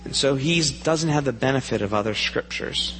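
A man gives an earnest sermon from the front of a church, turning to the congregation with questions. His voice sits at a middle pitch and rings out with the long reverb of the sanctuary, over a faint hum. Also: moderate pace, a bit bright. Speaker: preacher.

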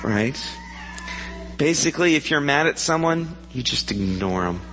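A man's voice: a little high, expressive, unhurried, fairly bright tone, a little hiss or hum. Earnest man preaching in a church hall. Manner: earnest, asks the congregation questions. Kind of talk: sermon. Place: church sanctuary.

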